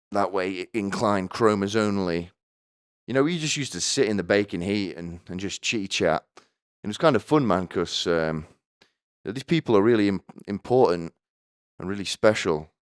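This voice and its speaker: A man's voice: sits low, clean tone, no echo, studio quality. A young man hosting a podcast, telling rambling comic stories with stammering restarts and crude offhand jokes. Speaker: podcast host.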